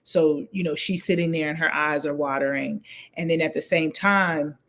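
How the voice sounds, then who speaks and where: Animated woman telling a story. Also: moderate pace. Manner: lively, acts out quoted voices with big pitch jumps. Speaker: guest storyteller. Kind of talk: personal storytelling in an interview.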